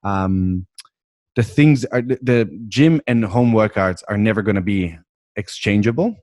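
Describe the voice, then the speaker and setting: Low-voiced man hosting with enthusiasm. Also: a little slow, a little mellow, no room sound, clean studio sound. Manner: enthusiastic, laughs often. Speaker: podcast host. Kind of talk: casual chat.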